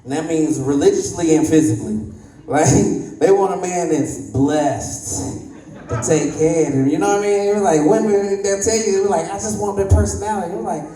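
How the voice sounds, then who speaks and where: Guy doing stand-up, laughs at his own jokes, kinda high but mellow voice, echoey club sound a bit far from the mic. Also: moderate pace. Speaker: stand-up comedian. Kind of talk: stand-up comedy set. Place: comedy club stage. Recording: echoey room, voice slightly distant.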